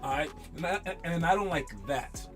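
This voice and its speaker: Man, basketball coach, slightly high voice, casual rambling talk, acts out quotes, faint music behind. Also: moderate pace.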